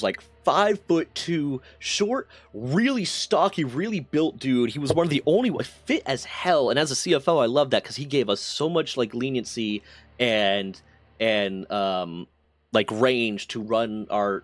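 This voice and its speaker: A man's voice: medium pitch, fairly bright tone, no echo. A man streaming a game while telling a rambling, profane story in a casual way. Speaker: gaming streamer.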